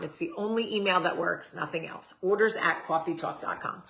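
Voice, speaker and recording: A woman hosts a casual livestream, talking straight to viewers, answering their comments aloud and swearing casually. Her medium-pitched voice is bright and forceful, at a moderate pace.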